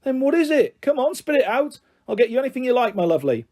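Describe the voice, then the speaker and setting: A man's voice: very high-pitched, very animated, fast, darkish tone, pitched above the performer's own voice, full character voice. A man voicing a bullying middle-aged father who coaxes and sneers in a taunting, menacing way. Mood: coaxing. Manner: taunting, mock-jovial then harsh.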